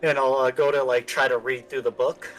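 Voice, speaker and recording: Guy playing dnd, chatty, goes theatrical and hushed for his character bits. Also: medium pitch, brisk, faint music behind. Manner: animated, slips into a theatrical conspiratorial voice in character. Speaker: player. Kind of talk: tabletop role-play, in and out of character.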